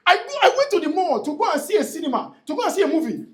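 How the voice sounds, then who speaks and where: Man, motivational speaker, emphatic, repetitive, calls out to the audience, quite high voice. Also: very animated, very fast, fairly bright tone. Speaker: motivational speaker at a real estate event. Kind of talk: motivational talk to a live audience. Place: event hall before an audience.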